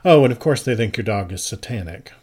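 A man's voice: fairly low pitch, expressive, slightly rough. A man voicing a weary, tough-minded woman. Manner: tired, quiet, halting.

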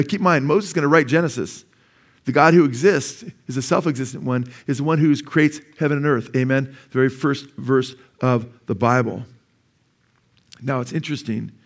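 A man, a pastor, preaching a conversational sermon and often checking in with the congregation. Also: a little high. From United States. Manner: conversational preaching, asks the congregation "right?" and "amen?".

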